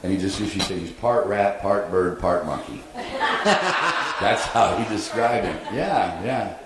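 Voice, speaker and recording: A man telling an animated story on a convention panel, quoting people and laughing along. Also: lowish voice, unhurried, a crowd in the background. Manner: animated anecdote with laughs and acted-out quotes. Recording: echoey convention hall, faint noise.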